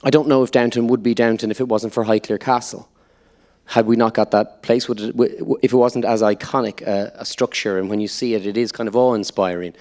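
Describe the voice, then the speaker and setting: A man with an Irish accent, an actor guest at a live on-stage Q&A, telling stories with animated quotes. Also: fairly low pitch, fairly quick. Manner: lively anecdotal storyteller, quotes others in voices. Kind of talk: on-stage Q&A storytelling. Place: live event venue before an audience.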